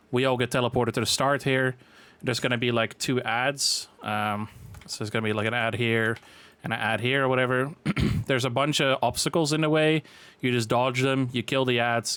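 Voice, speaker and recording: A man's voice: medium pitch, no echo. A man casually walking through a raid boss fight as a game guide, explaining at an easy pace with frequent fillers. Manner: relaxed, filler-heavy explaining.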